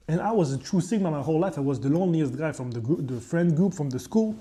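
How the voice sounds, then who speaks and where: Young French-accented male vlogger, mellow and dark, slightly high, rambling and swearing casually. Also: expressive, fast, hardly any pauses. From France. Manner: rambling and profane, with frequent asides. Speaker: chef and fitness creator. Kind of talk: casual vlog monologue.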